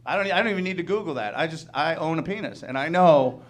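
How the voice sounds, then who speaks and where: A man in his thirties performing a stand-up comedy set, talking conversationally and acting out quick incredulous bits of dialogue. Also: on the high side, animated. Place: comedy club stage.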